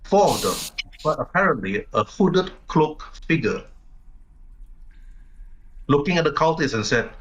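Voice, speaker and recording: A man's voice: fairly high pitch, very animated, unhurried, long pauses, a bit bright, a little hiss or hum, rough recording. A man narrating as game master of an online tabletop game, linking events with plain "and then" storytelling.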